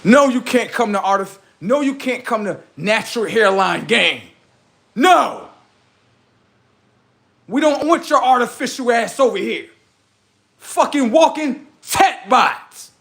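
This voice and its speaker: A man's voice: extremely high pitch, expressive, unhurried, vocal fry, long pauses, fairly bright tone. A man hosting a livestream, delivering a boastful, heavily profane rant that taunts the people he is mocking. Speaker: livestream host.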